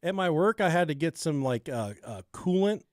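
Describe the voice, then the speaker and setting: Podcast co-host, male, slightly high voice, dry close sound, loose and profane storyteller. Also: animated, moderate pace, no room sound. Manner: laid-back, swearing, laughing at his own joke. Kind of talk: casual podcast chat and true-crime storytelling.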